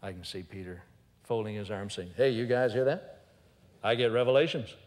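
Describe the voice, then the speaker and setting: With a fairly low voice at normal speed, a man delivers a funny storytelling sermon in church, animatedly performing the voices of his story's characters. The sound carries the feel of a big room.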